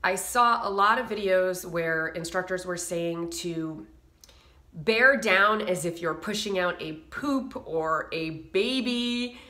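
A woman's voice: lowish voice, slow pace, sharp tone, reverberant. A woman vocal coach giving a singing lesson to camera, explaining technique and breaking into short sung and nasal demos.

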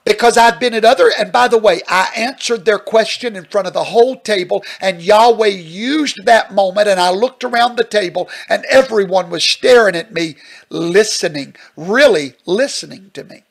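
A man's voice: high voice, moderate pace, vocal fry, rough recording. A male pastor teaching at a Bible study question and answer session, earnest and emphatic, often checking in with "Amen?".

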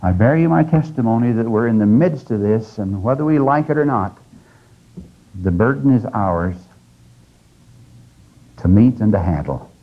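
An earnest male lecturer exhorts his listeners, his voice jumping up in pitch when he presses a point. He drops to a slow, deliberate pace to read quotations aloud. The 1980s cassette recording is dull and lo-fi, with the top end rolled off. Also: expressive. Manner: earnest, exhorting, with sudden rises in pitch and stress; slows down for quoted scripture and sayings. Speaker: religious lecturer. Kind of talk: recorded lecture to a live audience. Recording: dull lo-fi 1989 lecture tape.

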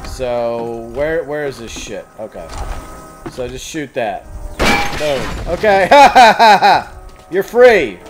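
A man's voice: medium pitch, sing-song, very slow. A man giving profane, trash-talking commentary while playing a video game. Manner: loud, swearing, trash-talking enemies. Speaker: let's play gamer. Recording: game music behind.

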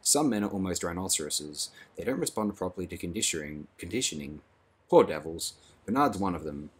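A man's voice: deep voice, expressive, fairly quick, breathy edge. A man reading an audiobook, voicing a confident young man who speaks in a brief, vigorous, offhand way.

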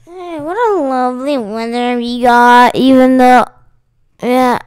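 A woman's voice: high voice, slow, a little mellow, clean tone, no room sound. A tired woman casually commenting on a game she is playing, rambling and sarcastic, sometimes reading the game's lines aloud. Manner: rambling, sarcastic, self-interrupting. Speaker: gameplay streamer.

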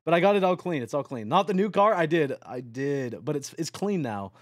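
Young male streamer, high-pitched, dry close mic, rambling and profane, excitable late-night chatter. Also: brisk, no room sound. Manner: rambling, excitable, swears a lot.

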